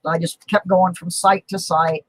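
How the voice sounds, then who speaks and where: A woman's voice: fairly low pitch, flat delivery, unhurried, fairly bright tone, poor audio. A middle-aged woman hosting a casual coin collecting live stream, chatting in a rambling, self-deprecating, humorous way from her home. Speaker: host of a coin collecting show. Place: home on a mountain.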